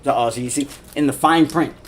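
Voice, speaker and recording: A man's voice: medium pitch, a little fast, slight background noise. A man and father of three talking casually on a livestream, rambling, repeating himself, swearing and laughing. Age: adult father. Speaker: live streamer.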